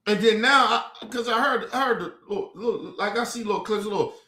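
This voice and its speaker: A man's voice: sits high, brisk, few pauses, pushed and bright, reverberant. A man from the United States delivering a heated, profane streamed commentary rant, lecturing his listeners. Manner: profane, fiery and emphatic, lecturing the audience.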